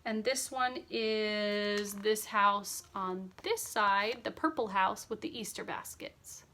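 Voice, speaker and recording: A woman in her thirties, chatty and upbeat but sleepy and yawning, casually discusses her cross stitch projects at home with plenty of fillers. She speaks slowly at medium pitch, her voice pushed and bright, with slight background noise.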